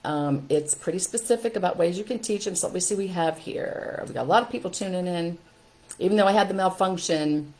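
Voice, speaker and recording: Older woman host, parenting talk, lowish voice that jumps high when she acts out kids. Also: brisk, poor audio. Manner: animated storytelling, acting out quotes with a raised, lively voice. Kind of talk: live-streamed talk to viewers.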